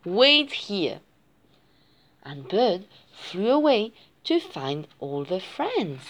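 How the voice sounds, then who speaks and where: A woman's voice: mid-range voice, big pitch swings, slow pace, a little mellow. A woman reading a children's picture book aloud in a sing-song storytelling way. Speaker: reader.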